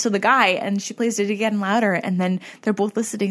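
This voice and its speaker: A woman's voice: medium pitch, quick pace, hardly any pauses. A woman in casual conversation, telling a story animatedly and acting out what people said, with many fillers. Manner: animated, acts out quoted people, frequent likes. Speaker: podcast co-host.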